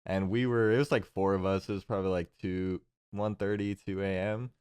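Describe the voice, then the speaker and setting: A man's voice: low-pitched, fairly even intonation, brisk, a little mellow, clean tone. A young man telling a long story in casual podcast chat, with lots of fillers and laughs. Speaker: podcast co-host.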